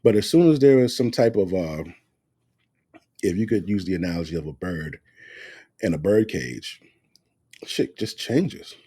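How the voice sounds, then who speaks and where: Casting: man, co-host, blunt and crude, lively swinging pitch, mellow tone. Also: a little slow, long pauses, breathy edge. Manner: blunt, profane, animated rants. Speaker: podcast co-host. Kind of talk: casual profane chat.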